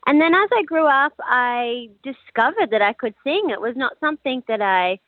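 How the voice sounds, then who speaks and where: A woman's voice: high voice, animated, normal speed, no room sound. A young Australian woman, a singer-songwriter, chatting as a guest in a radio interview over the phone, laughing often. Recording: dry tinny phone line.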